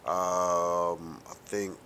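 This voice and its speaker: A man in his thirties riffs through a casual solo monologue, talking fast with wry, profane asides. His voice sits a little low yet sounds bright and forward. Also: little pitch movement, a little hiss or hum. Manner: self-described fast talker. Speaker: podcast host.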